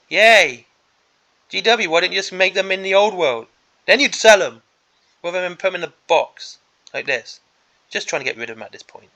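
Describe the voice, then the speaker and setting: Gravelly, exasperated miniatures vlogger man. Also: a little high, sharp tone. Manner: exasperated, sarcastic. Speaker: miniatures hobby channel host. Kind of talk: ranting preview commentary.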